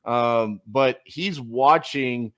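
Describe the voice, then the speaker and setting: A man's voice: mid-range voice, very slow, a bit bright. A man hosting a casual interview podcast, talking in an upbeat, enthusiastic way. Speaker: podcast host.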